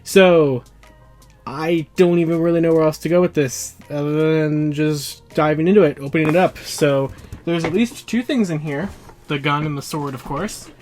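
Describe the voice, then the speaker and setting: A man hosting a casual toy unboxing vlog, chatty and excitable, a little out of breath. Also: a little high, normal speed, soft background music. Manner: excitable, chatty, laughs often. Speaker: toy collector YouTuber.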